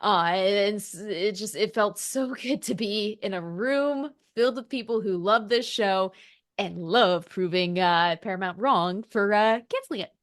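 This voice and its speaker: A woman meteorologist from the United States, a podcast guest, telling stories in casual conversation with excited, laughing energy and quoted voices. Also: mid-range voice, a little slow.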